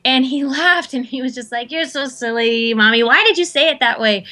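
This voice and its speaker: A woman's voice: high voice, a little fast, bright, forceful tone. A woman guesting in a casual interview, rambling and self-deprecating, restarting her sentences often. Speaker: voice actor guest.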